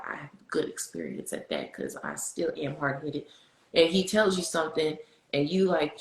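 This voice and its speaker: A woman's voice: low-pitched, vocal fry, echoey room, poor audio. A woman guest on a podcast, talking casually and emphatically about her faith, telling stories with lots of slang. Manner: animated, emphatic storytelling with slang.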